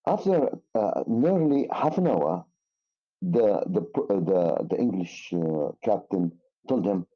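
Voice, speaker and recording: A man with an Egyptian accent teaching an English lesson, speaking haltingly with many fillers and restarts. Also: low voice, expressive, faint music behind. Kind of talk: explaining a lesson. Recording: dull lo-fi recording.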